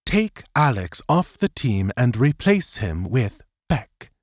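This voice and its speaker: A man voicing a calm, formal ambassador who speaks in a measured, precise way. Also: mid-range voice, dry recording, studio quality, pitched above the performer's own voice. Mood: calm insistent.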